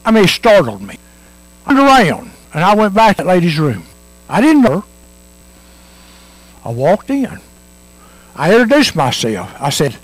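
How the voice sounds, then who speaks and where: A man preaching an earnest sermon, pressing his points again and again. His voice sits high and swings widely in pitch. The sound is dry and close, with little room echo. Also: wildly swooping pitch, normal speed, long pauses. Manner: earnest, repetitive emphatic preaching with storytelling. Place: church.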